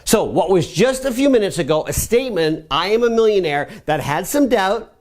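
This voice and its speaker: On a web show, a middle-aged man delivers a motivational personal growth lesson, coaching with energetic, repeated commands. His slightly high voice swings widely in pitch at a normal speed, captured on a camera mic.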